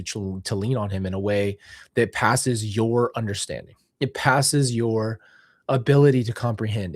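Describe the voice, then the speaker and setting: A young man sits indoors and talks about faith in a heartfelt, meandering way, restarting his sentences as he works through his thoughts. His voice sits in an ordinary middle pitch. The sound is dry and close, with no room echo. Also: a little mellow. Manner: earnest, rambling, self-correcting. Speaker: podcast host. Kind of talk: reflective faith talk. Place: seated indoors.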